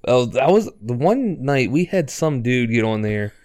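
A man's voice: medium pitch, sing-song, unhurried, a little mellow, no room sound, clean studio sound. A man co-hosting a podcast, chatting casually with a sarcastic, ribbing manner. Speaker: podcast co-host. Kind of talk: casual banter.

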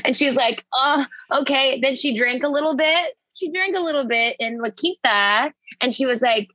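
A woman's voice: high voice, normal speed, no room sound, dull audio. A young woman co-hosting a casual chat, telling stories and acting out quotes. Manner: animated storytelling, acting out quotes. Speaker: podcast co-host.

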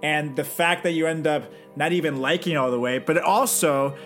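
A man co-hosts a podcast in casual chat, riffing and joking with playful asides. His voice sits on the higher side for a man, with faint music running behind. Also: moderate pace, fairly bright tone. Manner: jokey, riffing, playful impressions. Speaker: podcast co-host.

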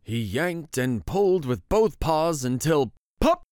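A man's voice: fairly high pitch, big pitch swings, slow, a little mellow, no echo, clean studio sound. A man hosting a show and reading a bedtime picture book aloud, telling the story with voices. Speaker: host and story reader.

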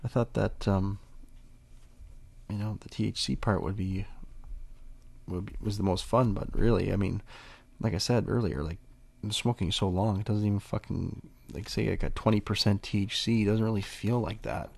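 Laid-back low gravelly man rambling. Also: fairly even intonation, normal speed, darkish tone. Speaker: podcast host. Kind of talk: casual solo podcast talk.

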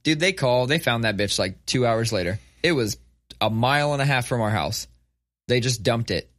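A man's voice: mid-range voice, expressive, moderate pace, fairly bright tone, no echo, clean studio sound. A man in his thirties telling a story in casual, profane conversation, acting out quotes as he goes. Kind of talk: casual chat.

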